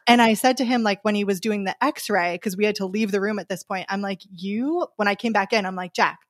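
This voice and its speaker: A woman's voice: medium pitch, fairly quick, dry recording. Thirty-something woman, loose chatty podcast talk, lots of fillers, dry close mic. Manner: reflective, loose with many "like" fillers. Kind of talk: casual chat.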